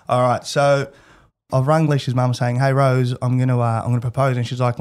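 A man with an Australian accent, a guest in an interview, telling personal stories in a candid, animated way and laughing as he goes. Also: mid-range voice, normal speed, smooth. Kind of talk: casual storytelling.

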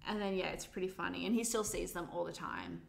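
A woman's voice: fairly low pitch, fast talker, vocal fry, a loud crowd. A woman, co-hosting a podcast and telling a story in casual chat, full of "like" and "um". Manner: chatty, lots of "like" and "um" fillers. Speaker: podcast co-host.

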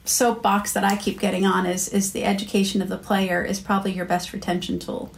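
A woman's voice: mid-range voice, little pitch movement, fairly quick, slight background noise. Chatty American woman telling stories. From United States. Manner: chatty storyteller, many fillers and restarts. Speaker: marketing executive guest. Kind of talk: casual podcast interview.

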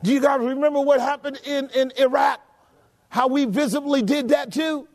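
A man's voice: very high-pitched, steady tone, normal speed. A man preaching a sermon, emphatic, often asking the congregation rhetorical questions. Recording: long hall reverb.

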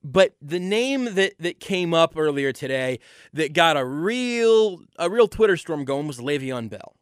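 A man's voice: on the high side, big pitch swings, unhurried, clean tone, no room sound, clean studio sound. A man hosting a sports podcast, giving an opinionated solo analysis and repeating words for emphasis. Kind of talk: solo football analysis monologue.

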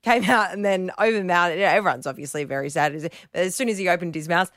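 A woman's voice: lowish voice, quick pace, a bit bright, no echo, clean studio sound. An Australian woman co-hosting a radio show, teasing her co-host and laughing in casual chat.

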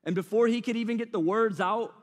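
A man's voice: sits high, quick pace, big-room sound. A man preaching a sermon, retelling the story in a casual, slangy, conversational way.

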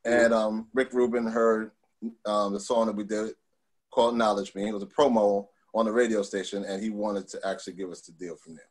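A middle-aged man from Long Island, telling stories in a casual interview, animated, with many fillers and restarts. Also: fairly low pitch, fairly quick. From Long Island, New York. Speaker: guest.

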